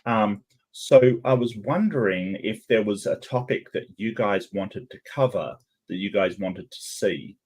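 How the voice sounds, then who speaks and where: A man with an English accent hosts a loose group chat, rambling and conversational. His voice sits somewhat low. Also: a little slow, darkish tone, slightly rough. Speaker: host.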